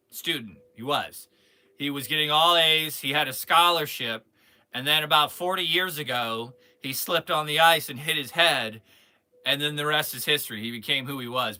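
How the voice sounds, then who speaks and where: A man hosting a live toy-selling stream in casual chat, jokey and rambling, with sudden loud outbursts. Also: mid-range voice.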